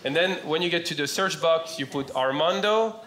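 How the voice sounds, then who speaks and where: A young man with a French accent doing a stand-up set, playful with deadpan punchlines. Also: on the high side, normal speed, noisy background. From France. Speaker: stand-up comedian. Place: comedy club stage. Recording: roomy club with loud audience laughter. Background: audience laughter.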